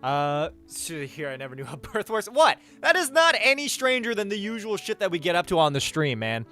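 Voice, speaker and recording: A man's voice: sits high, very animated, brisk, pushed and bright. A man streaming live, chatting casually with his viewers, rambling and joking with lots of swearing and "like". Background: faint music.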